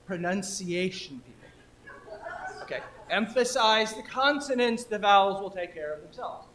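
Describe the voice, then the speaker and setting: A man's voice: high voice, fairly quick, a bit bright, a little hiss or hum. A man leading his congregation through a participatory poem, playful and coaching them along. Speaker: minister. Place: church sanctuary. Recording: roomy hall echo.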